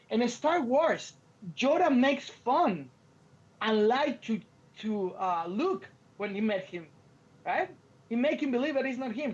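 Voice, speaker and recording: A man co-hosting a podcast, telling stories in an animated way and acting out the quotes, with frequent restarts. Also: very high voice, breathy edge. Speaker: podcast co-host. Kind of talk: casual podcast chat. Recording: lo-fi podcast audio.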